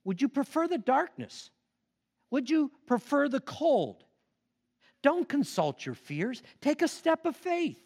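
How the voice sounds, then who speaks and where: Man doing a calm fire-bringing stranger, gentle and inviting, high, slow. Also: exaggerated voice. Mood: gently urgent.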